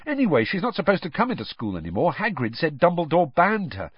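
A man's voice: fairly high pitch, wildly swooping pitch, quick pace, husky, no room sound, muffled recording, pitched above the performer's own voice, full character voice. A man voicing a blunt, indignant teenage schoolboy in a storybook reading.

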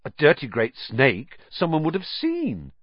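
A man voicing an excitable, anxious boy wizard of about twelve who blurts out questions in a raised voice. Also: on the high side, measured pace, husky, dry recording, dull audio, voice pushed up, exaggerated voice. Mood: doubtful.

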